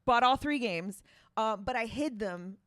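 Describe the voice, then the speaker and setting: A woman's voice: on the high side, measured pace, no echo, clean studio sound. A woman co-hosting a casual gaming podcast, telling stories and acting out what people said. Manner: animated storyteller acting out quotes. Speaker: podcast co-host.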